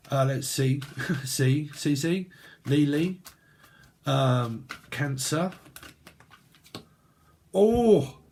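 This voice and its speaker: A man's voice: mid-range voice, a little hiss or hum. A man from Britain giving a rambling, free-associating tarot reading, joking crudely and laughing as he goes. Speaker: tarot reader. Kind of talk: casual spoken tarot reading.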